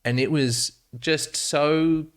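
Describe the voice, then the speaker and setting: A man, a comedian and actor, chatting as a podcast guest and telling animated, self-mocking stories with plenty of restarts. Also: on the high side, slow, clean tone. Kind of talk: casual podcast chat.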